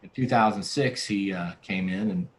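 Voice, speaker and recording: Deep-voiced man telling a story. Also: moderate pace, a little hiss or hum, low-quality recording. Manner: earnest storyteller with frequent restarts. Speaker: pastor and podcast guest. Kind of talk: storytelling in a conversational interview.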